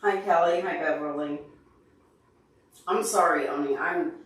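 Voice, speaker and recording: A man with a slightly high, fairly bright voice talks a little slowly while hosting a casual livestream. He's emotional and openly tearful as he earnestly replies to chat members by name. The sound is very echoey, with the mic far away.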